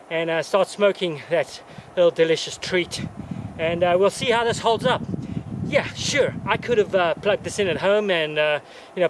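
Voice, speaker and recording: A man's voice: high voice, slight background noise. A man vlogging outdoors on a mountainside, casually reviewing gear in a folksy, joking, chatty way.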